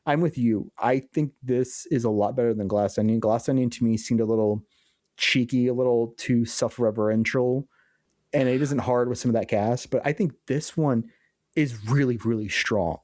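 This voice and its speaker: A man's voice: medium pitch, moderate pace, a little mellow, dry recording, studio quality. A young adult man co-hosting a podcast, giving film opinions in an easygoing way with hesitant fillers. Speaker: podcast co-host. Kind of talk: casual film review chat.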